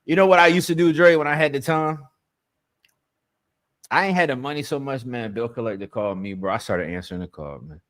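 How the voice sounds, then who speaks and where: A laid-back man with hosts a casual livestream, his voice sitting in an ordinary middle pitch. He drifts easily between stories and shout-outs to the chat, laughing often. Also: a little fast. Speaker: livestream host making sales calls.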